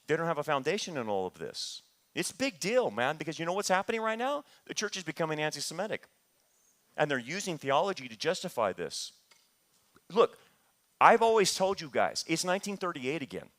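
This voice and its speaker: A man's voice: on the high side, a bit bright. A man teaching a church Bible study, emphatic and repetitive, rising into heated outbursts. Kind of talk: sermon-style teaching.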